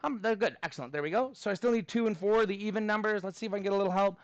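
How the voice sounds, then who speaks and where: Upbeat male math teacher with a high voice, counts steps aloud and thinks out loud, dry close recording. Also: racing, no echo, lo-fi sound. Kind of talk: live class review lesson.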